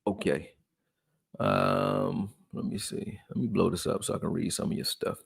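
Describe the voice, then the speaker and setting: A man from Texas, raised in Philadelphia, breaking down football film and reading chat on a live stream in a loose, profane, animated way. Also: deep voice, normal speed, creaky, slightly rough, no echo, clean studio sound. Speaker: sports commentary streamer.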